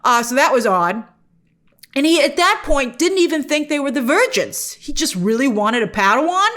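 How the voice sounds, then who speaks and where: A woman hosting an online review show, speaking with a fairly high voice that leaps up and down in pitch. She talks casually and straight to the viewers, sounding animated and exasperated. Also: moderate pace. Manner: animated and exasperated, often mock-quoting characters; talks directly to the viewers with questions. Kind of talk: casual spoken review commentary.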